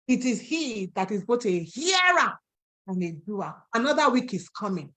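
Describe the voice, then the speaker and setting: High-voiced Nigerian woman preaching. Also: sing-song, unhurried, long pauses, fairly bright tone. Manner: impassioned, preachy, acts out voices in the story. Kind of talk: sermon.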